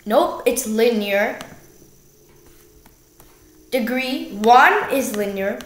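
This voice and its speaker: Young female tutor with a high voice and a relaxed, self-correcting delivery, recorded in a reverberant room. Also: a little hiss or hum. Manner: slow, self-correcting, jokey. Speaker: math tutor. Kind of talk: casual math walkthrough. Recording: echoey room.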